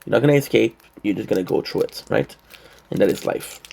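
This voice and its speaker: A man's voice: lowish voice, a little fast, vocal fry, darkish tone. Rambling, joking male vlogger. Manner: rambling, joking, playful asides. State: short on sleep. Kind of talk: casual vlog monologue to camera.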